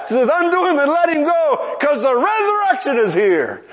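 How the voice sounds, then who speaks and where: A man's voice: moderate pace, hardly any pauses, rough recording. A man preaching a sermon, telling scripture stories with dramatic swings and quoting the characters. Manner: animated storytelling with quoted voices; dramatic swings in pitch and pace.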